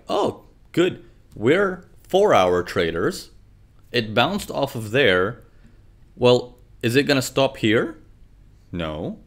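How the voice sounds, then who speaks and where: A man teaching trading over charts, talking animatedly, checking in often with "okay" and "right". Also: on the low side. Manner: animated, frequent "okay" and "right", acts out traders' thoughts. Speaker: trading instructor. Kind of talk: live chart lesson.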